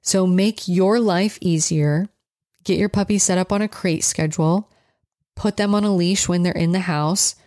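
A woman's voice: fairly low pitch, fairly even intonation, normal speed, a little mellow, no room sound, clean studio sound. A woman dog trainer giving casual coaching advice, chatty and direct, often checking in with "right?". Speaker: dog trainer, podcast host.

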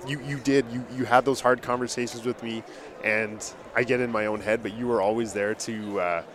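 This podcast-hosting dentist has a mid-range voice with a steady tone and a moderate pace. Speaking from a conference booth while a busy hall crowd chatters behind him, he converses casually yet earnestly and emotionally, frequently repeating himself.

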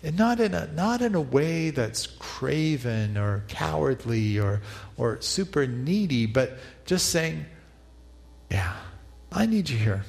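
A man's voice: fairly high pitch, expressive, slow pace, gravelly, darkish tone, in a large hall. A man preaching a reflective New Year sermon as pastor, leading listeners in repeated prayer.

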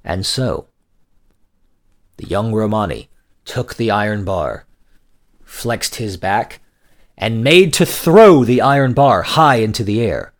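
A man narrating a scripted folk tale in a measured storytelling manner. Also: fairly low pitch, lively intonation.

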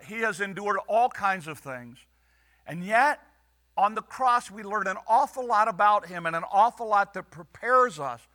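High bright-voiced male preacher. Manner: earnest preaching with dramatic quotes and pauses. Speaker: pastor. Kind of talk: sermon.

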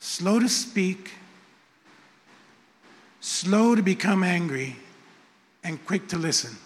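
Slow, high-voiced pastor in an echoing church. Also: male voice, lively intonation. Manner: conversational, repetitive, self-deprecating asides. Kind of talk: sermon. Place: church sanctuary. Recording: long church hall reverb.

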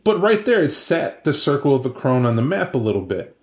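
This podcast host, who also served as game master, gives a lively, casual retelling of a tabletop session he ran, full of asides. His medium-pitched voice swings widely in pitch and moves briskly, recorded in an echoey room.

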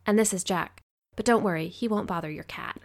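A brisk, friendly young mother from an audiobook, as a woman narrator puts her on. She sounds lively and quick, pitched higher than the narration, with a gravelly edge to her voice. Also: lightly acted. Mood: friendly, upbeat.

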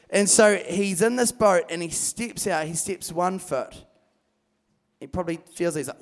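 A young man preaches at a youth camp in a bright, fairly high voice. He tells Bible stories with energy, acting out each person in them as he goes. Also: normal speed. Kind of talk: animated sermon storytelling.

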